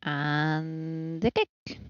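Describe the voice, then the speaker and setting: A woman's voice: deep voice, extremely slow, smooth, no room sound, highs cut off. A woman streaming herself baking at home, chatting casually and teasing herself as she goes. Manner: chatty, scatterbrained, self-teasing, talking to herself. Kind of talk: casual live-stream chat while baking. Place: home kitchen.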